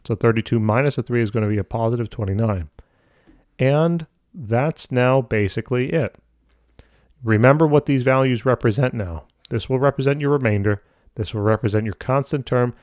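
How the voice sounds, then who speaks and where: A man's voice: medium pitch, moderate pace, a little mellow, dry recording, clean studio sound. A man teaching a math lesson step by step in a casual, upbeat way with playful asides. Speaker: math tutor.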